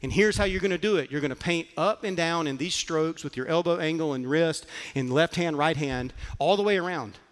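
A man voicing a patient older male karate master, speaking gently and instructively, like a father. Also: fairly high pitch, fairly quick, big-room sound, lightly acted.

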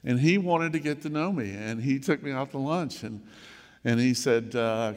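A man's voice: medium pitch, moderate pace. Older male pastor preaching, reverberant hall. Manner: conversational, storytelling preacher. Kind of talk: sermon.

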